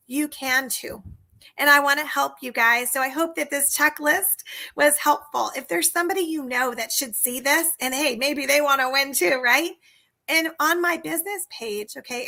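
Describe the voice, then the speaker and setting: A woman's voice: high-pitched, sharp tone. A woman hosting a casual livestream as a sales coach, talking enthusiastically and directly to her viewers.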